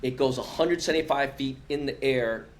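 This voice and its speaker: A man's voice: mid-range voice, moderate pace, slight background noise. A man from Los Angeles, a podcast guest, telling stories in slangy casual chat and acting out what others said. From Los Angeles, USA. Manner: animated, slangy, acts out quoted voices. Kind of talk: casual storytelling.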